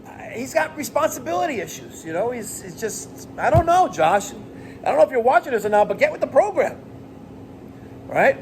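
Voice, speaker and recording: A man's voice: very high voice, normal speed, a little hiss or hum. Profane New man ranting. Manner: animated, profane, exasperated ranting. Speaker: plumbing business owner. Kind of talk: rant vlog to camera.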